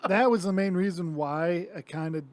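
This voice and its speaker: Male podcast guest, casual chat, slightly high pitch, easygoing, trails off. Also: normal speed, a little mellow.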